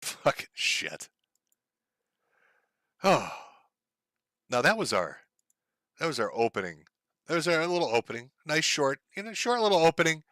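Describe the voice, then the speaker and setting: Bright, profane ranting male commentator. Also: a little high, sing-song, moderate pace, pauses often, dry recording, studio quality. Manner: blunt, profane, heated. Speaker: online commentator hosting his own show.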